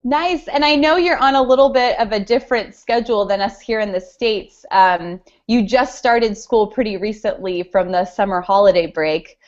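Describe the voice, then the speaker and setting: A woman with a Californian accent hosting an interview over a video call, upbeat and lively. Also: medium pitch, moderate pace, hardly any pauses. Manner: upbeat, lively, some fillers. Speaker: host, interviewer. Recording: dull lo-fi video call audio.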